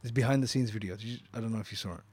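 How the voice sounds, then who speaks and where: A man with a mid-range voice hosts a casual podcast conversation, talking fast and chiming in with steady "yeah"s between his own stories. His voice is dry and close to the mic. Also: lowish voice, husky, no room sound. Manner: chatty, back-channels "yeah" a lot, drops into quoted anecdotes.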